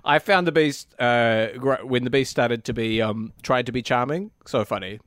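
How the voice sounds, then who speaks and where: A man's voice: mid-range voice, moderate pace, fairly bright tone, dry recording. Man, casual comedic chat, dry wit, muttered asides, dry room.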